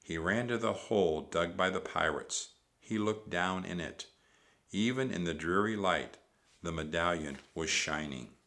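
A man reading a children's storybook aloud with animated delivery. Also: deep voice, measured pace. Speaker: narrator.

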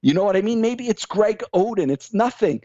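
A podcast guest rants emphatically in casual chat, mocking other people's opinions by quoting them in put-on voices. His voice is high-pitched, expressive, mellow and a little fast. The recording is dry, dull and lo-fi.

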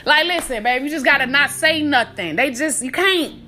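A woman hosting a podcast, giving casual, profane, animated motivational advice with frequent laughs, calling the listener baby. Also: high voice, normal speed. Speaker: podcast host.

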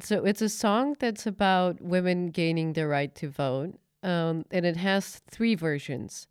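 Woman host, low and smooth voice, measured questions. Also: no room sound, clean studio sound. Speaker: podcast host. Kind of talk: podcast interview.

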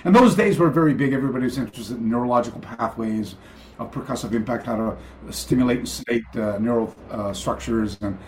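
A man's voice: medium pitch, fast talker, slight background noise. Rambling older man telling a story. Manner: animated, rambling anecdotes with many restarts and acted quotes. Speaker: guest karate teacher. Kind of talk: storytelling in a casual interview.

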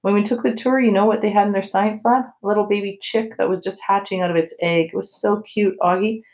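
Gentle coaxing mother, read by a woman. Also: mid-range voice, fairly even intonation, fast, pitched above the performer's own voice, lightly acted, low-quality recording. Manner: patient, coaxing. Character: gentle caring mother, coaxing her son.

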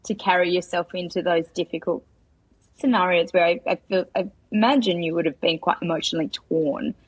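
A woman hosts the interview, asking her questions gently and with some hesitation. Her voice is quite husky and lowish, and it is recorded dry and close with no room sound. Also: steady tone, a little fast, no room sound, rough recording. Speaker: host. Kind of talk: podcast interview.

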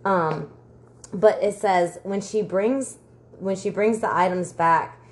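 A woman co-hosting a podcast speaks slowly in a mid-range, somewhat dark voice. She tells stories in casual conversation, laughing often and swearing freely.

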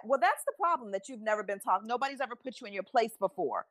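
A woman's voice: mid-range voice, animated, fairly quick, few pauses, no room sound. Indignant woman in casual commentary. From United States. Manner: emphatic, indignant, repeats herself. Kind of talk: casual chat.

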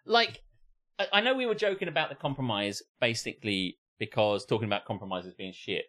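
Here a man co-hosts a comedy podcast, giving a comedic reading of an online post and riffing on it with swearing and laughter. He's animated, does mock voices, and speaks fairly quickly at a medium pitch.

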